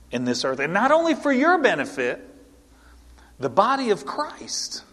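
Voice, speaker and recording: A man's voice: high voice, a bit bright. A male pastor preaching an earnest, emphatic sermon to his congregation in a church. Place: church sanctuary. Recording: long hall reverb.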